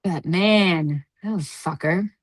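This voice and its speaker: A woman co-hosting a podcast in casual chat, telling stories with lively energy and plenty of swearing. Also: on the low side, slow pace, no room sound. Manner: animated storyteller, swears freely. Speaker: podcast co-host.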